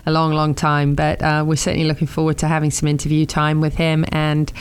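English woman host, smooth clear voice, easy chatty delivery. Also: low voice, completely flat delivery, a little fast. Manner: chatty, laughs often. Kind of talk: casual talk show chat.

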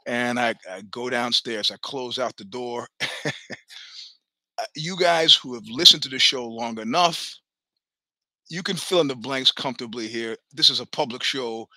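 A man's voice: medium pitch, a little slow, bright, forceful tone, dry recording. A man in his sixties hosting a show, telling a long personal story in a rambling, chatty way, full of restarts, stammers and swearing. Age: 60s. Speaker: podcast host.

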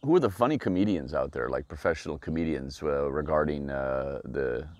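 Male host, very low voice, dry close sound, lively chat that slips into quick impressions. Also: no echo. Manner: animated, acts out voices of others; frequent restarts and "you know". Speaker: podcast host. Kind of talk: casual conversation.

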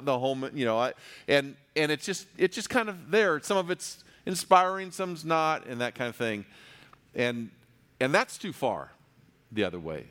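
A man's voice: medium pitch, fairly bright tone. A man preaching a sermon as pastor, talking in a loose, conversational way with jokes and frequent restarts. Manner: conversational, joking, many restarts.

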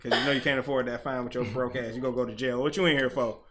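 A man's voice: medium pitch, flat delivery, racing, a crowd in the background. A man co-hosting a casual podcast, telling loose stories and acting out what people said. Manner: loose, laughing storyteller who acts out quotes. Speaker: podcast co-host. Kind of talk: casual chat.

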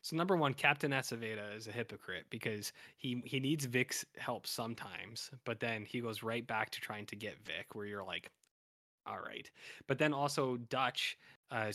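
A man co-hosts a podcast, casually recapping an episode through rambling storytelling loaded with fillers and restarts. His tone is sharp, his pitch medium and his pace moderate. The studio sound is clean and dry.

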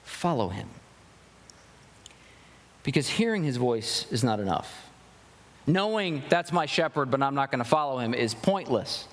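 A man's voice: medium pitch, expressive, unhurried, long pauses. A young man preaching a sermon as pastor, earnest and full of rhetorical questions, often restarting his phrases. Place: church sanctuary. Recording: long hall reverb.

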